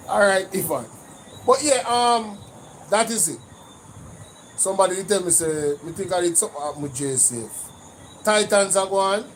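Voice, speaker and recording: A man with a Jamaican accent hosting a casual livestream, animated, mixing patois with English and repeating "you know" often. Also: sits high, moderate pace, a little hiss or hum, rough recording. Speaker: livestream host.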